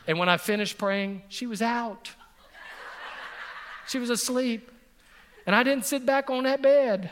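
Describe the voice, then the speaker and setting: A middle-aged male pastor preaching a sermon and telling a personal story, emphatic and repetitive, sometimes dropping to a soft voice on key points. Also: high-pitched, big-room sound, a little hiss or hum. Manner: emphatic, repeats phrases for effect, drops to a soft voice on key points.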